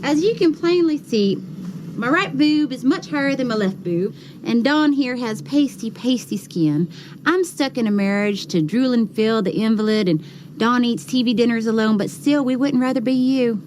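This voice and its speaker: An actress playing a blunt wisecracking waitress. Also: female voice, a little high, normal speed, a little mellow, natural voice. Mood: blunt teasing. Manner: frank and teasing. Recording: film soundtrack with background noise.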